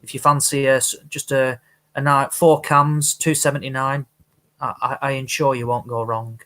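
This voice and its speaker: A man's voice: mid-range voice, flat delivery, moderate pace, background noise. A man joining casual live-stream banter and ribbing the others. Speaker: guest panelist.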